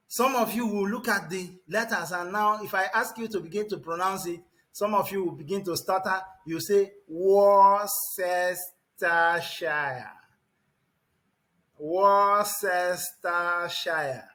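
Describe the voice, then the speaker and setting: A man teaching English pronunciation to a class, repeating words slowly and emphatically and calling on students by name. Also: high-pitched, bright, forceful tone. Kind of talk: classroom lesson.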